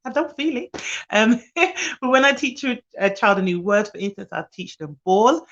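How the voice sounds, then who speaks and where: A woman who works as a nanny gives chatty, fast-talking advice on a live stream while tired. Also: medium pitch, highs cut off, a little hiss or hum.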